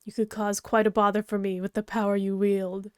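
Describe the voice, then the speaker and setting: A woman's voice: mid-range voice, flat delivery, brisk, darkish tone, clean tone, no echo, clean studio sound, close to an everyday voice. A woman voicing a prim, snobbish and very strong male troll aristocrat, haughty and formal, reading a webcomic aloud. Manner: haughty, fussy, formal wording.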